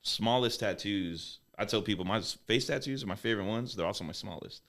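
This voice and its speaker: A man's voice: lowish voice, fairly bright tone. A man who works as a tattoo artist, telling stories in a loose, slangy podcast chat. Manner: quick, slangy storytelling.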